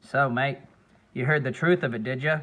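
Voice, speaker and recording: A man's voice: mid-range voice, steady tone, moderate pace, fairly bright tone, natural voice. A man voicing a joking man with a thick Australian accent, teasing and mock-sinister.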